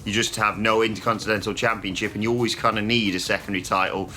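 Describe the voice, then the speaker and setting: A man's voice: lowish voice, steady tone, fast talker, pushed and bright, slight background noise. A man, hosting a casual wrestling news chat, opinionated and chatty with the odd mild swear.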